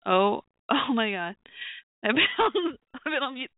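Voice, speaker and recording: A woman's voice: sits high, big pitch swings, a little slow, no echo. A woman hosting a call-in talk show, flustered and laughing in embarrassment. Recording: tinny phone-line sound.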